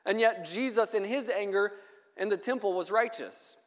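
A man with a high voice delivers a sermon, moving at a measured pace and reading scripture aloud. His words ring out with a long echo from the church hall around him. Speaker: preacher.

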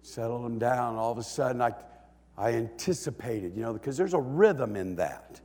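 A middle-aged man preaching a sermon, animated and emotional, swinging from hushed lines to shouts with joking asides. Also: medium pitch, normal speed. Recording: echoey church hall.

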